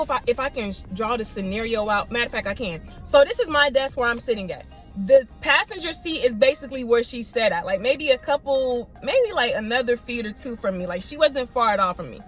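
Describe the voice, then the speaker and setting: High-voiced woman telling a lively story. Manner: animated storytelling, mimics others in quotes. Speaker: vlogger. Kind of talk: storytime vlog.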